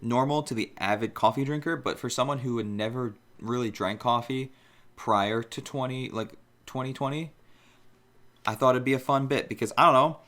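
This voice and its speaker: A man's voice: mid-range voice, moderate pace, fairly bright tone. A man in his twenties co-hosting a casual podcast, chatty and rambling. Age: 20s. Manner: chatty, rambling, self-conscious. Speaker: podcast co-host. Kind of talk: casual chat.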